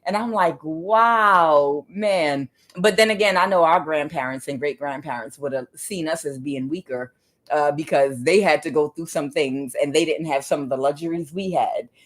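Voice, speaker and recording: A woman's voice: low voice, moderate pace. A woman giving a casual tarot reading, talking emphatically and often checking in with "okay?". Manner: emphatic, keeps asking "okay?", ranting asides. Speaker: tarot reader.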